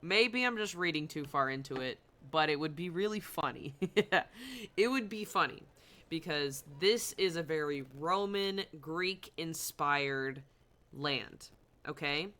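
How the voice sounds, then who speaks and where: Slow, bright-voiced rambling game streamer. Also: medium pitch, animated. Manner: rambling, flustered, laughing often. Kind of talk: casual live-stream commentary. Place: at a desk at home.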